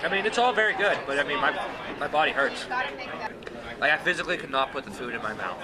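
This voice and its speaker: A man's voice: on the high side, expressive, quick pace. A young man at a bar food challenge, talking casually in an exhausted, rambling way with lots of fillers. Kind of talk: casual chat. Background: loud crowd.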